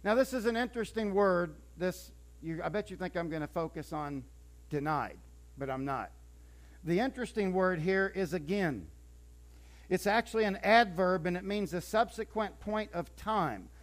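A man preaching a sermon, telling the story in a lively, conversational way and acting out scenes, with a few stumbles and restarts. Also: high voice, moderate pace.

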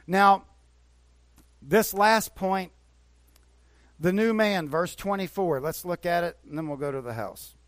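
In church, a pastor delivers a sermon to his congregation in an earnest, conversational style, often repeating phrases to press his point. His voice is a little high for a man and fairly bright, moving at a measured pace with long pauses. The sound is dry and close, with little room echo.

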